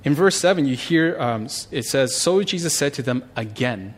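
A male pastor praying, then teaching a Bible passage in a conversational, animated way. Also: medium pitch, moderate pace. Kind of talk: sermon with prayer.

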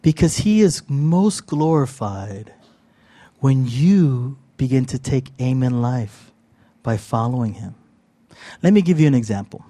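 A man's voice: mid-range voice, animated, measured pace, mellow. A middle-aged man preaching a sermon in a casual, self-deprecating storytelling way, with lots of fillers. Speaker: pastor.

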